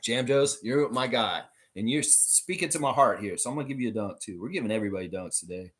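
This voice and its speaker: A man in his forties hosting a fan livestream, reading viewer comments in casual chat and swearing freely, jumping between loud hype and low murmurs. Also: fast. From Canada. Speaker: fan channel livestream host.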